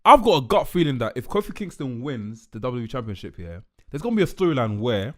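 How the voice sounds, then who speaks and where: Fast-talking excited podcast man. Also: mid-range voice. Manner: quick, excited predictions with repeated phrases. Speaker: podcast co-host. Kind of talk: casual chat.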